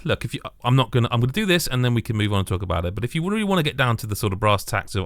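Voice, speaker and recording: A man's voice: medium pitch, big pitch swings, rapid-fire, no echo, studio quality. A man co-hosting a games podcast in casual chat, eager and rambling, often correcting himself.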